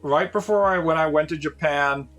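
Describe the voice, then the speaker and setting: A man's voice: a little high, moderate pace, fairly bright tone, soft background music. A man in his late thirties, a streamer casually telling rambling, profane stories to his viewers with lots of fillers. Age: 30s.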